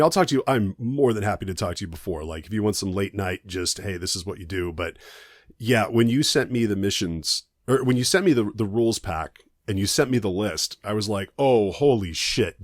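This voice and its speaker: A man with a low, deep voice chats on a podcast with cheerful profanity and frequent laughter. His voice sounds dry and close to the microphone, with no room around it. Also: dry recording. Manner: profane, enthusiastic, laughs often. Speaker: podcast co-host. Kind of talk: casual podcast chat.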